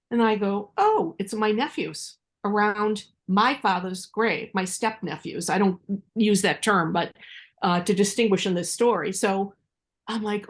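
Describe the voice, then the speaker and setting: A woman co-hosting a podcast, telling a family story in a relaxed, measured way. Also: mid-range voice. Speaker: podcast co-host. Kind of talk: casual storytelling chat.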